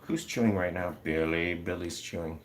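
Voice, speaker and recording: Man, low voice, casual livestream host, rambling, lots of fillers, faint background noise. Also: moderate pace. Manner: rambling, many fillers, answers viewer comments.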